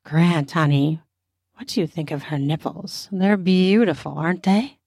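A woman voicing a dominant, commanding woman who gives slow, stern orders in a lowered voice. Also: darkish tone, slightly rough, dry recording, clean studio sound. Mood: teasing.

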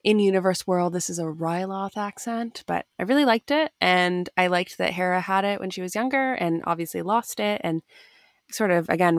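A woman's voice: on the low side, no room sound, clean studio sound. A woman co-hosting a podcast in casual chat, enthusiastic and playfully teasing. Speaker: podcast co-host.

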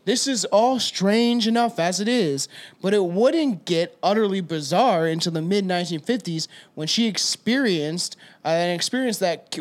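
A young man with a fairly high voice, talking in a loose, rambling way on a casual podcast. He swears freely and keeps a relaxed, easygoing pace as he tells his story. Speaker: podcast co-host. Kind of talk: casual stoner podcast chat.

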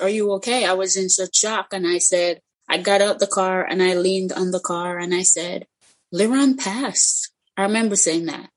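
A middle-aged woman speaks as a guest, telling an emotional personal story of faith at a medium pitch. She is earnest and heartfelt, and often breaks off and restarts her sentences. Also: low-quality recording.

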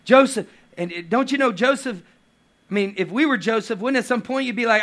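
Animated preacher with a high voice. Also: male voice, a little fast. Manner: animated, playful preaching with asides and acted quotes. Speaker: pastor. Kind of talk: sermon.

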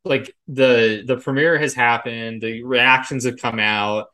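On a casual film and TV podcast, this co-host rambles along with plenty of fillers, lots of "like" and "you know," and an occasional curse. He speaks a little slowly at medium pitch, with fairly even intonation and a sharp tone.

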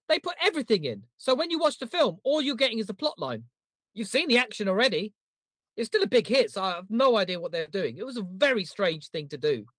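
A podcast co-host telling stories in a lively, irreverent way. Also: mid-range voice, no echo. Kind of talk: casual chat.

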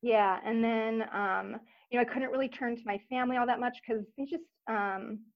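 Earnest soft-spoken woman, muffled recording. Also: on the high side. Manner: earnest, reflective, soft-spoken with frequent pauses. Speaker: podcast guest. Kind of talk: personal story in a casual interview. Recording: slightly dull recording.

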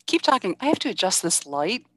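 A woman's voice: mid-range voice, big pitch swings, fairly quick, a bit bright, slightly rough. A middle-aged woman hosting a casual interview, chatty and encouraging, with many short agreeing sounds. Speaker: interviewer, host.

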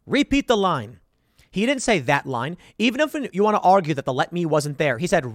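A man's voice: a little high, big pitch swings, moderate pace, no echo, clean studio sound. Sarcastic, emphatic male news commentator. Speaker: commentary show host. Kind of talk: political news commentary, reading headlines.

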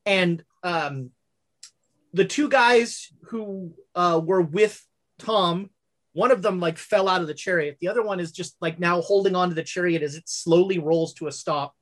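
A woman's voice: on the low side, measured pace. A woman narrating as game master of a tabletop game, rambling with fillers and corrections.

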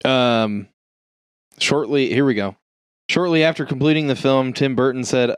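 A man's voice: mid-range voice, moderate pace, smooth, no echo. A man co-hosting a casual film chat, reading out trivia and swearing now and then. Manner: reads trivia aloud, swears and laughs often.

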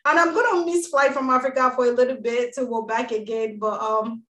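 Woman, crying, emotional, high-pitched, echoey room, casual podcast chat. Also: fairly even intonation, a little fast, fairly bright tone. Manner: tearful, emotional, laughing through tears. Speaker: podcast co-host.

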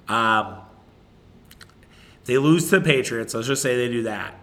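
A man with a bright, forceful voice hosts a casual sports talk show on his own. He rambles through his opinions, stumbles and restarts sentences, and swears offhandedly. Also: medium pitch, lively intonation, measured pace. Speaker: sports podcast host.

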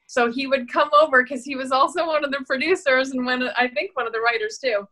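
Animated woman telling a story. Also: high voice, brisk, low-quality recording. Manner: animated, laughing, acts out quoted voices. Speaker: actress and guest. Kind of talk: casual interview storytelling.

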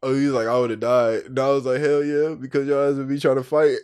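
A man's voice: mid-range voice, level tone, fast, darkish tone, clear, resonant tone. A man co-hosting a podcast, joking and retelling stories in profane casual chat. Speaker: podcast co-host.

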